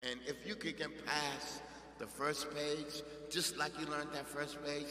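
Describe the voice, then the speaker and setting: A man preaches in a mosque hall, his voice bright and forceful, ringing with a long echo. He swings from loud, emphatic exhortation down to quiet asides. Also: on the high side, flat delivery, unhurried. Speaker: imam giving a Friday sermon. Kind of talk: sermon. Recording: echoey hall reverb.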